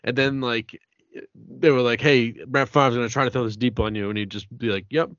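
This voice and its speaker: A man's voice: medium pitch, steady tone, a little fast, a bit bright, dry recording, highs cut off. A man co-hosting a podcast, telling a rambling story full of "like". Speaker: podcast co-host. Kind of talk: casual chat.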